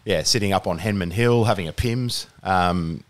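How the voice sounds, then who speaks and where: A man's voice: low-pitched, moderate pace. A young Australian man as a podcast guest, chatting casually with lots of fillers and restarts. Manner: rambling, many fillers and restarts. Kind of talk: casual chat.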